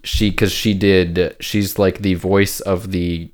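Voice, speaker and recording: A man's voice: deep voice, level tone, slow. A man co-hosting a casual podcast, talking in a rambling way with many stammered restarts. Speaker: podcast co-host. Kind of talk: casual chat.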